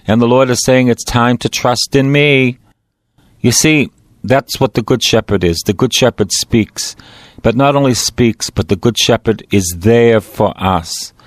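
A middle-aged priest preaching a sermon, emphatic and repetitive, with a preacher's cadence. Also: male voice, medium pitch, no room sound.

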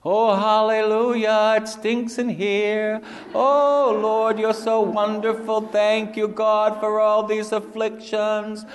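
Jailed men who sing praise to God from a stinking cell. The voice leaps into a high, ecstatic falsetto that half-sings each cry. A long hall echo trails every word. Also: male voice, little pitch movement, slow pace, slight background noise.

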